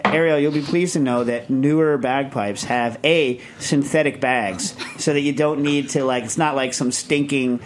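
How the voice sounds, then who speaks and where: A middle-aged man hosting a casual talk show, animated and laughing often as he acts out the people he quotes. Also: mid-range voice, moderate pace, few pauses, slight background noise. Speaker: podcast host. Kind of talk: casual chat.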